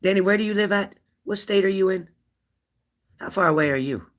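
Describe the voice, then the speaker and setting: A woman in her fifties hosting a live stream, chatting warmly and laughing as she reads out viewers' comments. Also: medium pitch, a little fast. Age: 50s. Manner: chatty and affectionate, laughs often, answers comments aloud. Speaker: livestream host of a spirit-messages channel.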